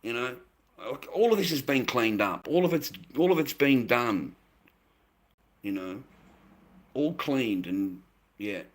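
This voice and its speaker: Middle-aged man, mid-pitched, livestream rant, exasperated and profane. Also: lively intonation, slow pace, pauses often. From Australia. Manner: exasperated, swearing, repeats himself. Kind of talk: casual ranting to a live chat.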